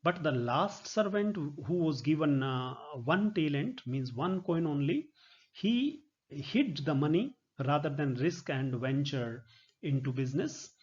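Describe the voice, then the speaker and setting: A male literature professor teaches in a patient, explanatory way, pausing often on hesitant fillers. His voice sits a little high for a man. The recording sounds dull and lo-fi. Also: lively intonation, a little mellow, breathy edge. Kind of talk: recorded lecture.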